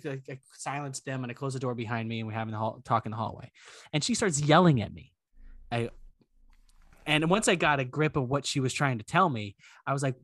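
This young man's mid-range voice comes across brisk and clean, studio quality without echo. Co-hosting a podcast, he narrates a story in casual conversation, animatedly playing the people involved and swearing along the way.

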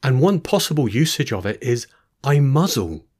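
A man's voice: medium pitch, very animated, normal speed, a little mellow, husky. Man teaching from scripture. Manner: reads scripture aloud, then explains with asides and restarts. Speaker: preacher. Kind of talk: Bible teaching talk.

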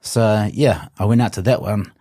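A man, a strongman telling his competition story in an interview, animated and swearing often. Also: fairly low pitch, normal speed, no room sound, studio quality. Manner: animated, swears often, acts out his own past thoughts. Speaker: guest, strongman athlete.

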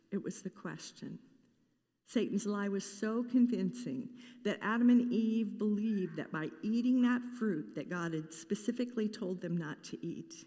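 A woman's voice: mid-range voice, mellow. A woman pastor preaching in a reverberant hall. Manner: earnest, acts out quoted voices. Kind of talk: sermon.

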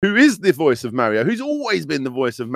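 A man's voice: fairly high pitch, huge pitch swings, brisk, creaky, dry recording, studio quality. A man in his thirties, a podcast host ranting animatedly in casual chat, with many fillers.

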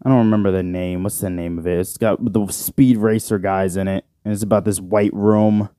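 A man's voice: on the low side, fairly even intonation, normal speed, dark tone, dry recording, clean studio sound. Rambling, cursing male podcast host. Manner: rambling, profane and joking, with frequent "bro". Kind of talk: casual solo podcast chat. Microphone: side-address studio microphone.

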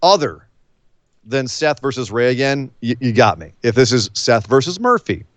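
Podcast co-host, male, casual and animated, acts out quotes, dry close mic. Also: mid-range voice, moderate pace, no room sound. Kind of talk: casual wrestling recap chat.

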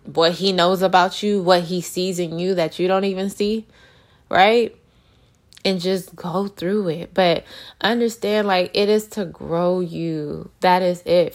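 A woman in her thirties giving an earnest, encouraging faith talk to her viewers, acting out little quotes as she goes. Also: lowish voice. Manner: earnest, animated, acts out quotes. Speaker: christian vlogger.

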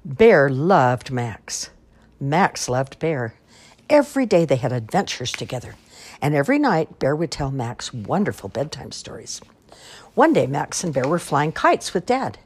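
Husky woman reading storybooks aloud. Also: sits low, normal speed. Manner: expressive, lively storytelling. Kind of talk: animated storybook read-aloud.

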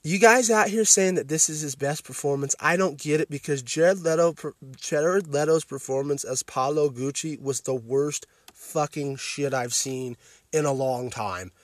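A man's voice: on the high side, moderate pace, no echo, clean studio sound. A man hosting a podcast, giving a blunt film review full of profanity and emphatic restarts. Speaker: podcast host reviewing films.

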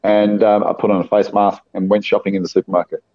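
This South Australian man talks fast with a flat delivery in a lowish voice. He tells meandering stories casually, imitating the voices of those involved, and the dry recording has a dull, lo-fi quality.

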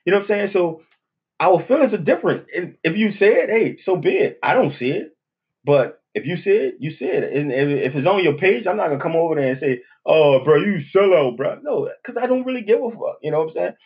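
A man's voice: high voice, lively intonation, fast talker, breathy edge, muffled recording. A man with a New Orleans accent, hosting a podcast as a casual, profane monologue, blunt and rambling with frequent "you know what I'm saying". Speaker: podcast host.

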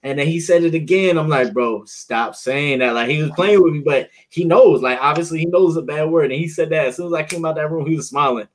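A man's voice: fairly high pitch, quick pace, few pauses, low-quality recording. A man hosting a podcast, chatting loosely and animatedly, swearing freely and calling people "bro". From United States. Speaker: podcast host. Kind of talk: casual chat.

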